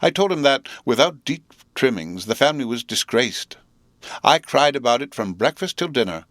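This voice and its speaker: A man's voice: medium pitch, big pitch swings, normal speed, fairly bright tone, no echo, voice pushed up. A man voicing a fussy, affected older woman relative who complains in a prim, indignant tone, in a dry-sounding storybook reading.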